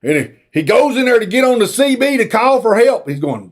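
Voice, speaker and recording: A man's voice: very high-pitched, big pitch swings, a little fast. A man, retelling a movie plot as a rambling, folksy comic story. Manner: rambling, folksy, drawling asides.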